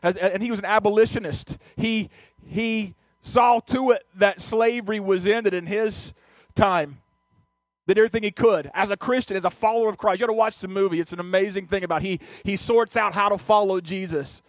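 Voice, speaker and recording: High-voiced earnest pastor telling a story. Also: male voice, fairly even intonation, moderate pace, dry recording. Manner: earnest, restarts and repeats words. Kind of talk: storytelling sermon. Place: church sanctuary.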